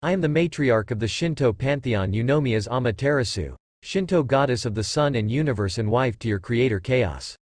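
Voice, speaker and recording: A man's voice: mid-range voice, lively intonation, fairly quick, few pauses, no echo, studio quality, natural voice. A man voicing a proud, regal sun goddess and mother who speaks coolly and matter-of-factly. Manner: matter-of-fact, cool.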